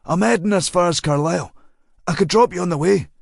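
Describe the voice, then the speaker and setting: A man's voice: sits high, brisk, vocal fry, no echo, studio quality, voice pushed up. A man voicing a chatty, pushy middle-aged male driver.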